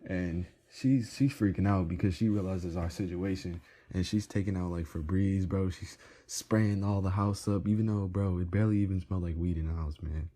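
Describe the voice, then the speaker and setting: A man's voice: low-pitched, fairly even intonation, normal speed, hardly any pauses, warm tone. A young man casually telling a rambling storytime to his viewers, full of slang and filler words. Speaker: vlogger.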